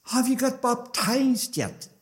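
A man's voice: very high voice, lively intonation, takes it slowly, voice pushed up, exaggerated voice. A man putting on a blunt southern Irish brogue. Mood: challenging. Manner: blunt, challenging, sharply raised. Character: bossy older man from the south of Ireland.

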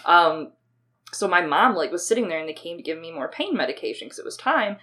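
A woman's voice: fairly low pitch, very animated, fairly quick, a bit bright. A young adult woman co-hosting a podcast, talking in a chatty, rambling way with frequent swearing. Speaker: podcast co-host. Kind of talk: casual chat.

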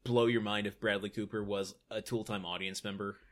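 A man's voice: lowish voice, flat delivery, a little fast, fairly bright tone. A man co-hosting a podcast, casually chatting and spinning playful comic tangents. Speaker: podcast co-host. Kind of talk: casual chat recapping a sitcom episode.

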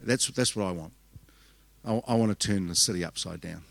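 Deep and gravelly, the older pastor's New Zealand-accented voice moves fairly quickly. He preaches a conference sermon through storytelling, frequently restarting and laughing.

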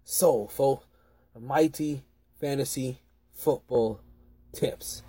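A man's voice: on the high side, moderate pace, mellow, slightly rough, no room sound. A man hosting a fantasy football podcast in a casual, rambling way, often repeating and correcting himself. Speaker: podcast host.

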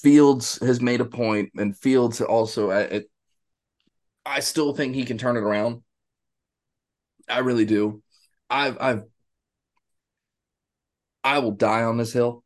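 A man's voice: medium pitch, takes it slowly, pauses often. Rambling man in casual sports talk. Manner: rambling, animated, frequent restarts and laughs. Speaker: podcast co-host.

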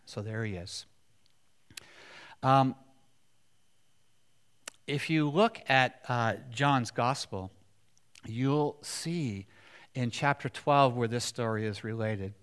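A man delivers a sermon in a relaxed, conversational way. He keeps turning to the congregation with questions, and his voice swings from loud, emphatic stretches to hushed, near-whispered ones. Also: mid-range voice, slow, pauses often, clean tone. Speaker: preacher.

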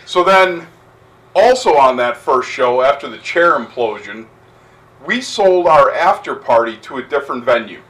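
A man's voice: mid-range voice, normal speed, rough recording. A man co-hosting a podcast, telling profane wrestling-promoter stories in casual chat. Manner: animated, profane, acts out dialogue.

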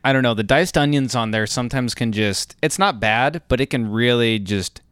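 A man co-hosting a podcast in casual chat, profane and quick to joke. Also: medium pitch, a bit bright, clean tone, dry recording, studio quality. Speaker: podcast co-host.

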